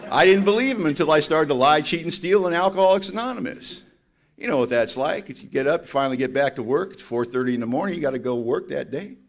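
A man sharing his recovery story at a meeting, blunt and confessional, telling it with animated storytelling and acting out the voices he quotes. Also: fairly high pitch, vocal fry. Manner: blunt, confessional and self-mocking. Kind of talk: personal testimony talk to a recovery meeting.

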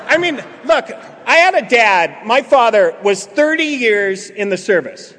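At a recovery meeting in a meeting hall, a middle-aged man gives a humorous talk, telling funny stories, acting out dialogue and joking with the crowd. His very high voice is sing-song, measured, pushed and bright. The hall is reverberant, and the audience laughs.

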